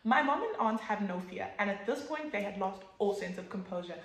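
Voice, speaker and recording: Young woman vlogger, animated swearing storyteller, echoey room. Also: medium pitch, brisk. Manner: animated, swears, acts out quotes with sudden loud jumps. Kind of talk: casual storytime.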